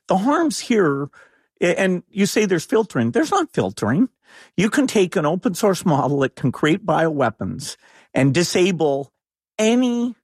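A man's voice: fairly high pitch, husky, no echo, clean studio sound. A man as a guest in an interview, arguing in an urgent, emphatic and incredulous way. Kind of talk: interview conversation.

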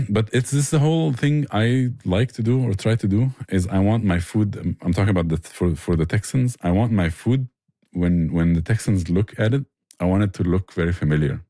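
A very low-pitched man talks about his barbecue cooking in an interview. His voice is dark and mellow, and it sounds dry and close. He speaks earnestly and eagerly, restarting phrases as he goes. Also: normal speed, no room sound. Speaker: barbecue restaurant owner, guest. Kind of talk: conversational interview answers.

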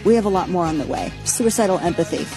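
A woman hosts a radio talk show, chatting casually and rambling through news items and reading an ad, with lots of fillers and asides. She talks fast and animatedly in a lowish voice, with music in the background.

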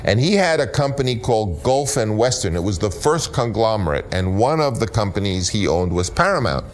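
An older man, a film director, telling a personal anecdote with lively storytelling that acts out other voices. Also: fairly quick. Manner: acts out other people's voices, jumping high for quotes.

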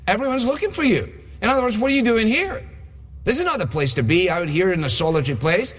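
Picture a preacher doing a band of excited disciples in a high, pleading voice, jumping well above his normal pitch. The sound carries a long reverb from a big hall. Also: quick pace, full character voice. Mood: excited urging. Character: eager male disciples urging Jesus back.

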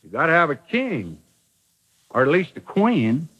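A man's voice: a little high, very animated, unhurried, a bit bright, breathy edge, rough recording. A man preaching a dramatic sermon, acting out the quotes in the bible story.

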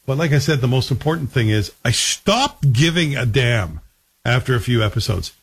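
Husky, chatty man reviewing a show. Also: medium pitch, big pitch swings, moderate pace. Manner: chatty, wry, conversational asides. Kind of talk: casual spoken TV review.

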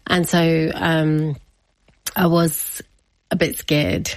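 Woman telling a family story, laughs a lot, lowish voice, dry close sound. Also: drawn-out words, no room sound. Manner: animated, laughs often, acts out family members' voices. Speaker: interview guest. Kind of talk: personal storytelling in conversation.

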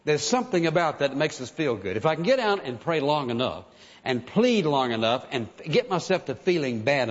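A man's voice: on the high side, big pitch swings, a little fast. A man preaching a sermon in an earnest, emphatic way, sometimes acting out pleading prayers. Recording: dull sound with long hall reverb.

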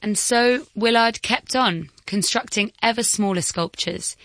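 A woman reading scripted documentary narration in a measured, even way. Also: a little high.

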